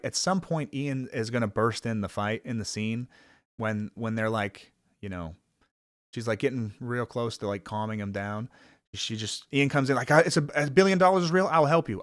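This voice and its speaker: Man, low voice, casual rambling film review, lots of fillers and swearing, dry close sound. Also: no echo. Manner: rambling, full of fillers and swearing, acts out characters in raised voices.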